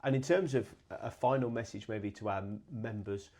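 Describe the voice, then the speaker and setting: Mellow low-voiced male interviewer. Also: moderate pace. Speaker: podcast host, interviewer. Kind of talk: interview questions.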